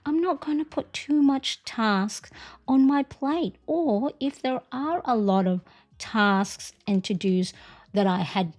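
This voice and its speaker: A woman's voice: fairly high pitch, slow, a little mellow. Middle-aged lady chatting on a planner livestream, easygoing, lots of "you know" and "right?", close mic. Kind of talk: casual chat.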